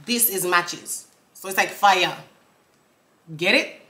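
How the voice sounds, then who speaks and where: A woman breaking down song lyrics for viewers, laughing often and reading lines out slowly before explaining them. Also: fairly low pitch, noisy background. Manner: talks straight to viewers, asks for comments. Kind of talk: casual chat.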